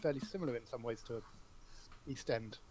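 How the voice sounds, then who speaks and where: A man's voice: medium pitch, brisk, darkish tone, a little hiss or hum. A man in a casual podcast chat over an online call, rambling and self-deprecating.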